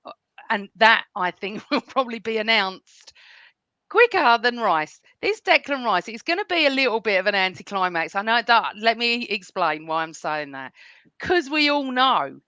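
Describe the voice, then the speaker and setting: A woman's voice: on the high side, very animated, normal speed, bright, forceful tone, no room sound, lo-fi sound. A woman hosting a casual football fan chat, talking at length and often addressing her guests by name. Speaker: host.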